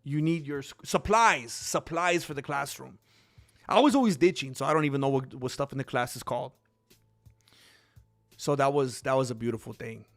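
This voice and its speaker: A man's voice: medium pitch, moderate pace, dry recording, studio quality, faint music behind. A man hosting a casual live stream, joking and thanking donors as he reacts to the fights. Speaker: livestream host reacting to fights.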